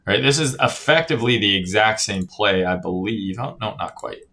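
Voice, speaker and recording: On his stream, a man gives loose, profane crypto chart analysis, reads viewer comments aloud, and keeps tagging "right?" while yawning with fatigue. His fairly low voice moves at a normal speed with a bright, forceful tone.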